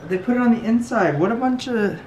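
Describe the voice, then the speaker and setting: A man making low-key offhand remarks in casual chat at home, away from the camera. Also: expressive, fairly quick, a little mellow. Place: indoors at home. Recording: roomy, distant and noisy.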